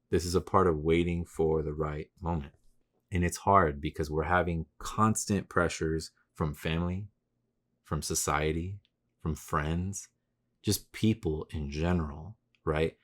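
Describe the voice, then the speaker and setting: A man in his thirties hosting a solo podcast, talking casually with lots of swearing and slang, rambling and getting loud and animated when he rants. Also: low-pitched, moderate pace. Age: 30s. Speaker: podcast host.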